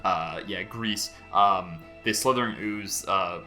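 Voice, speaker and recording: Man, game master, tabletop game narration, fairly low voice, bright tone, scene-setting descriptions. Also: slow, soft background music. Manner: describes scenes vividly and checks rules with players.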